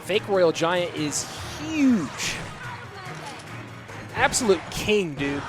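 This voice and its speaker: A man with a high voice calls a live esports match, with game music playing clearly underneath. He swings between quick play-by-play and loud hype bursts, answering his viewers between plays. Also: sing-song. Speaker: esports caster. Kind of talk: live game commentary mixed with chat replies.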